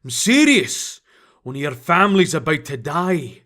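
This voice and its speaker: A man's voice: very animated, measured pace, pushed and bright, exaggerated voice. A man voicing an old, grumbling Scottish hunchback with a thick accent. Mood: insistent. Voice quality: grumbling, low mumble.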